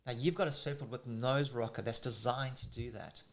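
A man with a South African accent coaches surfing in loose, casual talk. He gets excited as he explains and leans on everyday comparisons to make his point. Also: medium pitch, brisk. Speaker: surf coach.

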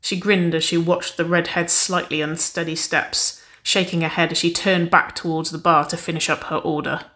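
A woman narrating a story aloud in a steady, even storytelling manner. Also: on the low side, normal speed, few pauses. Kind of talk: audiobook reading of fan fiction.

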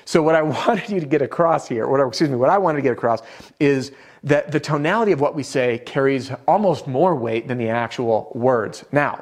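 Upbeat man coaching on sales. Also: medium pitch. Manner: upbeat, direct, coaching the viewer. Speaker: roofing sales trainer. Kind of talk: instructional video talk.

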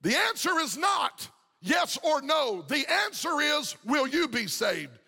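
High-pitched shouting preacher. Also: male voice, sing-song, takes it slowly, gravelly, long reverb tail, faint music behind. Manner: impassioned, shouting and half-singing phrases. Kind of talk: shouted revival sermon.

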